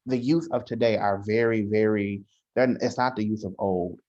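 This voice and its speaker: Low-voiced man with dull lo-fi sound. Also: fairly even intonation, a little mellow. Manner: measured, frequent restarts and hesitations. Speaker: social worker guest. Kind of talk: casual podcast conversation.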